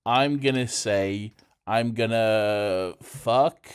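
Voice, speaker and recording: Podcast co-host, man, lowish voice, deadpan and foul-mouthed in casual chat. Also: very slow, clear, resonant tone. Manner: crude, deadpan banter with heavy swearing.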